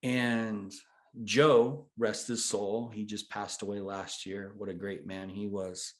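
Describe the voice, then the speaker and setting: A man in his forties, a guest telling his story in an animated, casual way. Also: on the low side, slow pace. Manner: animated, swears then apologizes. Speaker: interview guest, brand founder.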